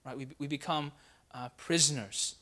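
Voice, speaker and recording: A young adult man, an intern pastor, telling a personal story in a sermon with lots of "right?" tags and animated delivery. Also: fairly high pitch, moderate pace.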